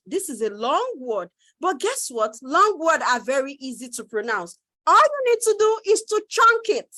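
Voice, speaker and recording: A woman teaching children phonics in an online class, cheerful and coaxing, repeating words slowly for them to echo. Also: very high-pitched, sharp tone. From Nigeria. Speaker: reading teacher. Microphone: close mic in a virtual class.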